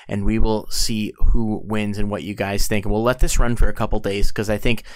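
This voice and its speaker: A man's voice: lowish voice, flat delivery, moderate pace. Rambling man co-hosting a podcast. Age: 40s. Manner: rambling, hesitant, trails off. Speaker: podcast co-host. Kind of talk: casual chat.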